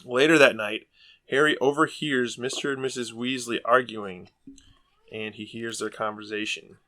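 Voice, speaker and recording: Relaxed man recapping a book. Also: mid-range voice, moderate pace. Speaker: podcast host. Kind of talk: casual chat recapping a book.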